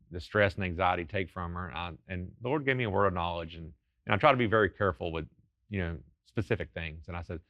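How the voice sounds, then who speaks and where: This man's voice sits low, and the recording is lo-fi with no echo. He is a ministry founder giving testimony as a TV interview guest, recounting his faith stories quickly, fervently and earnestly.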